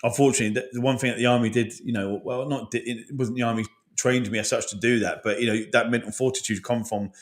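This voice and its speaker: Brisk, candid man in his 40s, podcast host, heavy swearing, rambling and heartfelt. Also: medium pitch, fairly even intonation. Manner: swears often, rambling, emotional. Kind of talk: casual chat.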